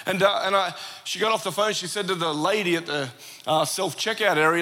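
An Australian man preaching a lively sermon, telling a story with asides and humor. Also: high voice, fairly quick. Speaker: pastor. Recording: long church hall reverb.

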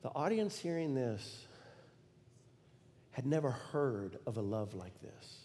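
A middle-aged man preaching a sermon, telling a story in an animated way and acting out the quoted lines with sudden loud bursts. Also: medium pitch, takes it slowly, a little hiss or hum. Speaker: pastor. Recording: long reverb of a large hall.

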